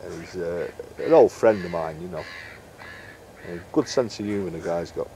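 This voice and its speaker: Here a middle-aged guest, a carp fisherman and bait maker, shares fishing anecdotes in a relaxed storytelling interview, voicing the dialogue as he goes. His voice is low and mellow at a moderate pace, and there's a bit of hiss or hum.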